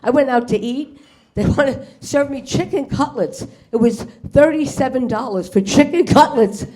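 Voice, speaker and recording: A woman's voice: high voice, moderate pace, mellow. A middle-aged woman doing a stand-up set on a club stage. She swears freely and acts out the characters in her punchlines. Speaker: stand-up comedian. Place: comedy club stage before a live audience.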